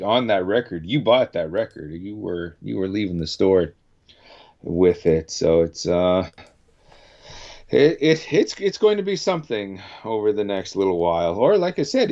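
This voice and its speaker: A man's voice: lowish voice, darkish tone. A Canadian man hosting a radio show, chatting casually and rambling with many restarts. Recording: dull lo-fi sound.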